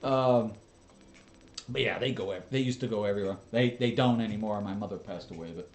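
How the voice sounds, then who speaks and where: A man's voice: fairly low pitch, fairly quick, a little mellow. An American man chatting casually as he watches drone footage with his viewers, rambling through asides and chuckles. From United States. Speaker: channel host. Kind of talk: casual reaction commentary.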